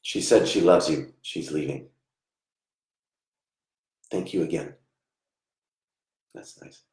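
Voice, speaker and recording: A man giving a live online psychic reading, soft-spoken and halting, often trailing off quietly. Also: a bass voice. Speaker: psychic medium. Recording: echoey room.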